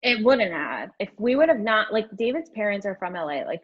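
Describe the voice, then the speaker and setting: A young woman guest telling a candid story in an interview, rambling and animated, filling her speech with "like". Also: medium pitch, a little fast, few pauses. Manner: rambling, animated, heavy use of "like". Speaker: podcast guest. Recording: dull lo-fi audio.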